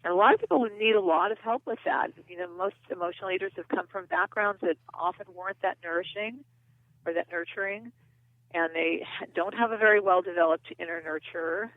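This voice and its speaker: A woman's voice: fairly low pitch, brisk, no room sound. A woman therapist and author, explaining earnestly as a guest in a phone interview. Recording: tinny dry phone line.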